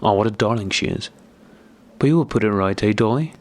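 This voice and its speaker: A man's voice: fairly low pitch, brisk, lightly acted. A man voicing an emotional young noblewoman who is tearful and agitated, speaking in an anxious, pleading way. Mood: rueful.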